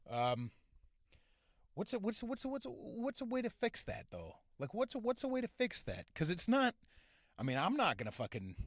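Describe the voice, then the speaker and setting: A man hosting a podcast, delivering a crude, profane rant that swings between mumbling and shouting. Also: mid-range voice, dry recording, clean studio sound. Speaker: podcast host. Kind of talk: profane ranting monologue.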